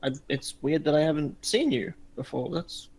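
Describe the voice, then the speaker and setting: A man's voice: a little high, lively intonation, moderate pace, vocal fry, a little mellow, breathy edge, exaggerated voice. A man voicing a male infiltrator who stammers and invents excuses while posing as a guard. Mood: nervous.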